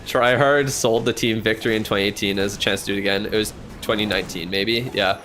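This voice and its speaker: Excitable casual male game commentator. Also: fairly low pitch, a little hiss or hum. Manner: excitable, chatty, quick reactions, casual swearing. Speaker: streamer commentating a match. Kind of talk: casual live play-by-play commentary.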